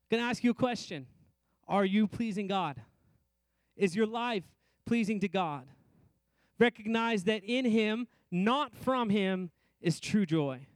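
A middle-aged man preaching a sermon to a congregation, speaking in repeated rhythmic phrases and rising and slowing down on key lines. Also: sits high, animated, dry recording. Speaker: pastor.

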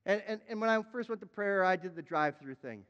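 High-voiced preaching man in a hall. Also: animated, quick pace, smooth, lo-fi sound. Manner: emphatic preaching with repeated words and sudden shouted appeals. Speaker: pastor. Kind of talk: sermon.

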